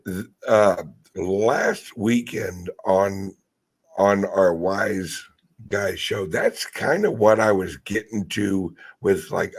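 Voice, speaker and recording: A man's voice: fairly low pitch, slightly rough. A man hosting a casual podcast conversation, talking bluntly with profanity and hesitant restarts. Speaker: podcast host.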